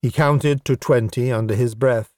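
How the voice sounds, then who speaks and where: A man narrating a fantasy audiobook in an even, understated way. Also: medium pitch, moderate pace, no echo, clean studio sound. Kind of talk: scripted narration.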